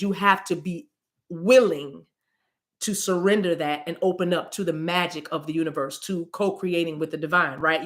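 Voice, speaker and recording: An American woman hosting a spiritual channel, telling a story in a chatty, casual way and speaking straight to her viewers. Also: on the low side.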